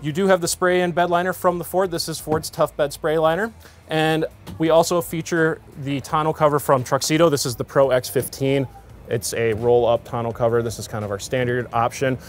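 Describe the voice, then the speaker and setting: A man's voice: fairly high pitch, steady tone, normal speed. An American man, a car salesman, giving an upbeat walkaround of a truck outdoors at a dealership, with frequent fillers. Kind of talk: vehicle walkaround presentation.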